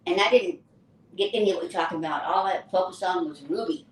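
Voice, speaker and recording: An older woman, an actress, recounting her career in a lively, anecdotal interview style. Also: on the low side, fast, slight background noise. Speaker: actress and guest. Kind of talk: casual interview storytelling. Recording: roomy distant mic with faint ambience.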